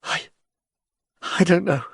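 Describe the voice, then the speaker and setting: A man's voice: takes it slowly, fairly bright tone, dry recording, studio quality. A man voicing a frightened, embittered court poet who speaks in an anxious, quavering way. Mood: anxious, gloomy.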